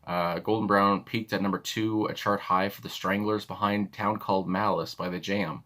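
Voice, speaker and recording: Deep-voiced man rambling with fillers. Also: steady tone, normal speed, sharp tone. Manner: rambling, many fillers and restarts. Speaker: music reaction channel host. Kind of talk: casual reaction commentary.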